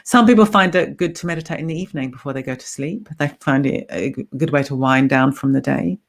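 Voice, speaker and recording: A woman with an anglicized New Zealand accent, a mindfulness teacher speaking as a guest in calm, encouraging casual chat. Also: rumbling low, fast talker.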